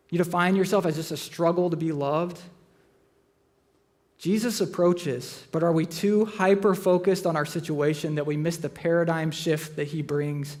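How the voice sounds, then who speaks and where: A pastor with a notably high voice preaches to his congregation in a church auditorium. He keeps it conversational and teases the room as he tells stories from his own life. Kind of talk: sermon with humorous personal stories.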